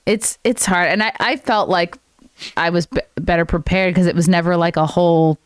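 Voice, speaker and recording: A woman hosting a podcast in casual chat, chatty and quick to laugh, often trailing off mid-thought. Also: fairly low pitch, fairly even intonation, smooth, no echo, clean studio sound. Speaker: podcast host. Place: podcast studio.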